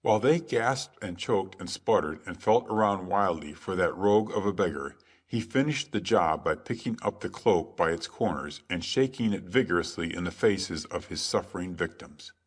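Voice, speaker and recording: Low-voiced male storybook narrator. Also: expressive, normal speed, slightly rough. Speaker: audiobook narrator. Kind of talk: scripted sleep story narration.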